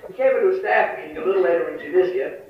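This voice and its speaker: A man's voice: high voice, expressive, very fast, a crowd in the background. Older man, wry storytelling in an echoey hall. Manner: wry storytelling, dry humor. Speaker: speaker at a foreign affairs forum. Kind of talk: after-dinner speech with war anecdotes. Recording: distant, dull, echoey hall recording.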